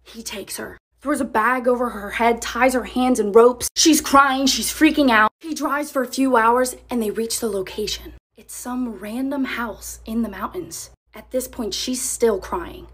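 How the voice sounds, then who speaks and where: A woman pitching a movie idea as a suspenseful TikTok story, with a breathy voice. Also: unhurried, hardly any pauses, a bit bright. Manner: dramatic, suspenseful narration.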